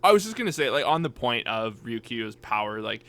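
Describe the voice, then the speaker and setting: A man's voice: medium pitch, sing-song, brisk, sharp tone. A man co-hosting a casual anime podcast, rambling and hesitant, often trailing off and starting again. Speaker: podcast co-host. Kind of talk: casual chat.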